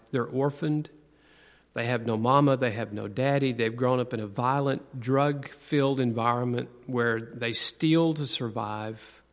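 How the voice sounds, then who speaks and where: A man giving a conversational sermon, asking the audience questions and slowing down to lean on key words. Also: medium pitch. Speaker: preacher. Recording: long reverb of a large hall.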